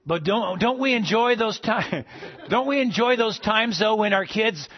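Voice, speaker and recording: A man's voice: high-pitched, measured pace, highs cut off. A man preaching a sermon as pastor, calling out to the congregation with asides. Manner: preaching with call-and-response asides.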